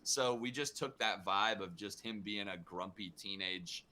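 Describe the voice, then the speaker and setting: A man with a low, bright, forceful voice talks casually as a guest on a voice-acting panel. He tells stories in animated bursts, laughing between them, over a faint hiss. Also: a little slow. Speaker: voice actor guest.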